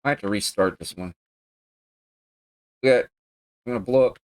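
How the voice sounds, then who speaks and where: A man giving casual live-stream commentary while playing a racing game, chatty and excitable, breaking into loud yelps and curses at crashes, talking from a home gaming setup. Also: medium pitch, moderate pace, poor audio.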